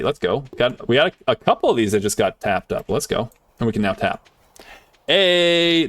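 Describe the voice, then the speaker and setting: A man streaming a game live, chatting casually with viewers and swinging from excited shouts to quiet muttering. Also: mid-range voice. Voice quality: animated, laughs often, jumps between excited shouts and quiet muttering.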